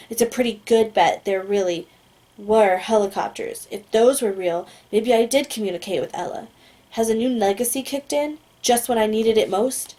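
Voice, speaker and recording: Female audiobook reader, first-person narration, mid-range pitch, steady reading with the odd self-correction. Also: normal speed.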